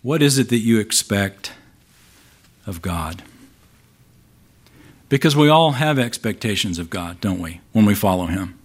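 Low-voiced man preaching a sermon. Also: lively intonation, unhurried, pauses often, husky. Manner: teaching with rhetorical questions; emphatic, shifts volume for stress. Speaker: pastor. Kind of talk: expository sermon.

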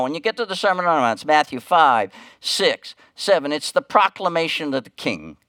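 Man, middle-aged, guest preacher, conversational sermon, folksy asides, slightly high voice. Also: sing-song, normal speed, hardly any pauses, bright, forceful tone, dry recording, clean studio sound. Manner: folksy, chatty, with restarts and asides.

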